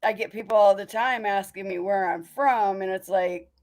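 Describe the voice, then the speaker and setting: A talkative livestream host from North Dakota, whose accent combines North Dakota and Southern US features, chats casually and laughs frequently between fillers. Her voice is medium-pitched and darkish, at a normal speed.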